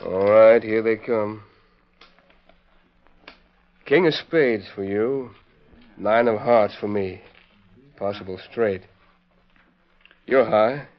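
Cool measured card-dealing gambler, old muffled radio play. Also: male voice, on the low side. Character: cool-headed male professional gambler. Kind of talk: 1940s radio acting. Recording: dull old radio recording.

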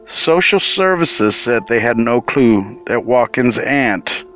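A man narrating a true-crime podcast in a measured, matter-of-fact voice of middle pitch. Soft music plays faintly underneath. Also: expressive, rough recording.

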